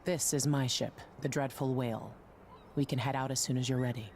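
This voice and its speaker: A blunt, gruff ship captain. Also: female voice, rumbling low, fairly even intonation, fairly quick, a little mellow. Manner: blunt, no-nonsense. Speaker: game character. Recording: noisy ambience behind the voice.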